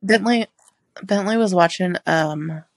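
Mom on a podcast, kinda low gravelly voice, dry mic, deadpan and swears casually. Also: female voice, a little slow, no room sound. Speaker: podcast co-host. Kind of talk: casual chat.

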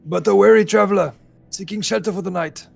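A man playing a gravelly, formal monster hunter. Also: high voice, fast talker, exaggerated voice. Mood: courteous. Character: weary male monster hunter, courteous and guarded. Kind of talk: tabletop role-play.

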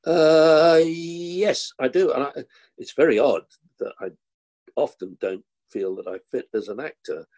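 An older man from London, an actor, telling rambling, self-deprecating stories in a relaxed interview. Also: on the high side, a little slow, rough recording. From London, England. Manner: rambling, self-deprecating storyteller with short laughs. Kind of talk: relaxed anecdotal conversation.

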